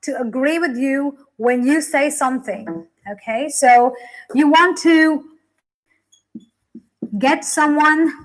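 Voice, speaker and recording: A woman's voice: sits high, takes it slowly, pauses often, rough recording. A young woman teacher explaining English grammar in a classroom lesson, with frequent "okay" and "you know" fillers.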